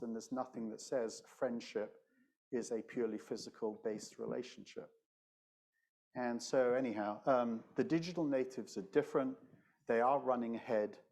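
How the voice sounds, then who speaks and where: A man on a conference panel who speaks in a measured way and slows down to stress his points. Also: medium pitch, darkish tone. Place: conference stage.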